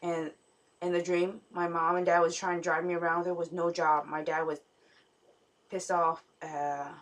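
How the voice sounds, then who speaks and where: A woman's voice: fairly low pitch, little pitch movement, moderate pace. A young woman vlogger rambling through a dream story, full of fillers and restarts. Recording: voice somewhat far from the mic.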